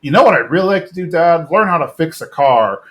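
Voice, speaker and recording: A man's voice: a little high, animated, brisk, a bit bright, pitched above the performer's own voice. A man briefly voicing a young boy full of excuses as he recaps a cartoon episode. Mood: whiny. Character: young chubby boy avoiding exercise.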